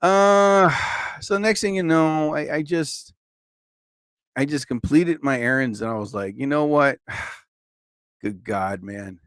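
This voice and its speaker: A man hosting a live show, rambling through a casual story and jumping to high, exclaimed asides. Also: slow, pauses often, fairly bright tone, clean tone, no room sound. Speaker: host of a live show and podcast.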